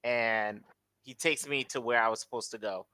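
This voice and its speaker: An American man and English teacher chatting over a video call, telling animated travel stories with frequent laughs. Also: mid-range voice, moderate pace, clear, resonant tone. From United States. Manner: animated storyteller, laughs often, acts out voices. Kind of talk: casual video-call conversation.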